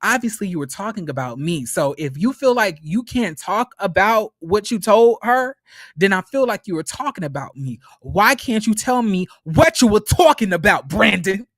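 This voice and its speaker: A woman's voice: medium pitch, sing-song, normal speed, dry recording, studio quality. A commentator acting out a furious young woman interrogating her boyfriend, accusing him and repeating his name. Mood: angry.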